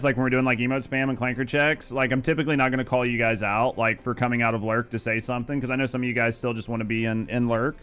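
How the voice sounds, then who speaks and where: Young male game streamer, smooth and clear, crude joking banter with chat. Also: medium pitch, a bit bright. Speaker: streamer and gaming host. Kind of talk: casual live-stream chat.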